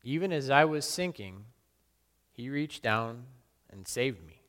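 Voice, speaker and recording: A man playing the apostle Peter, a burly fisherman full of guilt, in a solemn, halting dramatic monologue. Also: mid-range voice, animated, fairly bright tone. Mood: remorseful. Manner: solemn, halting and self-questioning. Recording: long reverb in a large hall.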